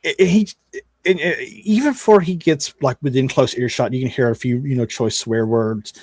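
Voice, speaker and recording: A man running a tabletop game, narrating scenes casually with plenty of fillers and asides. His voice has an average pitch. The sound is dry, close and free of room echo. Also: normal speed, darkish tone. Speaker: game master.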